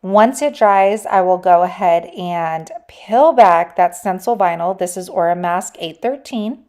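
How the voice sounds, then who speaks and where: A woman's voice: on the low side, unhurried, a little mellow. Chatty woman narrating a craft tutorial. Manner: chatty and enthusiastic, addresses viewers as "you guys". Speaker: DIY crafts channel host. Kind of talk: casual tutorial voice-over.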